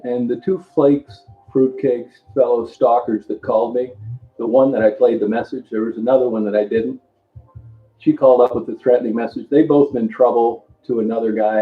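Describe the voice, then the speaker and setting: An older man hosting a casual livestream, rambling and greeting viewers by name between remarks. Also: medium pitch. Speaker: livestream host. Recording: tinny phone-like sound in an echoey room, faint music.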